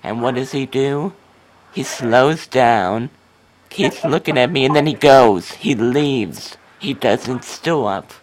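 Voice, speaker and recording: A man telling a story in a comedy sketch, in a deadpan, unhurried way. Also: medium pitch, slight background noise.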